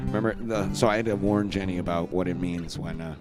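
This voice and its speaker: A man with a fairly low voice hosts a loose live music show. He tells long, profane stories and laughs easily. Music plays clearly behind him. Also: fairly even intonation, fairly quick, few pauses. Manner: rambling, profane, laughing storyteller. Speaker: host. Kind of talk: casual chat and storytelling on a live music show.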